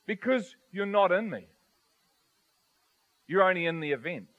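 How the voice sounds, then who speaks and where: A man preaching a sermon to his congregation, animated, asking rhetorical questions and swinging from soft to loud. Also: sits high, a little slow, narrow, tinny audio. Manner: animated, rhetorical questions, varies volume widely.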